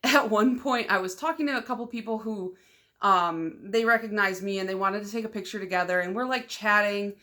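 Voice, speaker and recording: A young woman from Michigan chatting casually in a nail polish vlog. She rambles with lots of "like" fillers, is excitable and loud, and laughs often. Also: mid-range voice, brisk.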